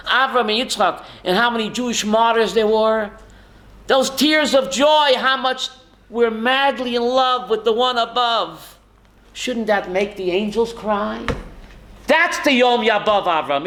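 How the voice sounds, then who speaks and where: A man's voice: sits high, a bit bright, rough recording. A man, a rabbi, teaching a Torah class to students, calling on them by name and quoting Hebrew sources.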